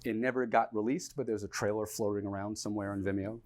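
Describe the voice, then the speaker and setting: A young man performing a one-man comedy show on a theatre stage, telling a story in an animated, self-mocking way. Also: fairly low pitch, fast talker.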